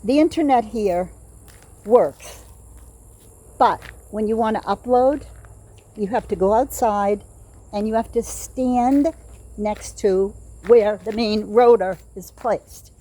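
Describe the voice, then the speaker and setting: A woman's voice: medium pitch, warm tone. An older woman telling rambling personal stories in a casual monologue, outdoors at night. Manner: rambling, digressive storytelling with pauses. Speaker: vlogger. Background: crickets chirping.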